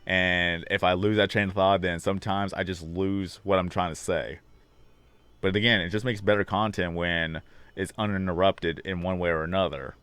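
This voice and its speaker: Male livestream host, low baritone, a little hoarse, rambling chat, close and dry mic. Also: fairly even intonation, normal speed, fairly bright tone, dry recording. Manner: rambling, talks on long tangents. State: slightly hoarse, losing his voice. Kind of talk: casual livestream chat with viewers. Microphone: desk microphone.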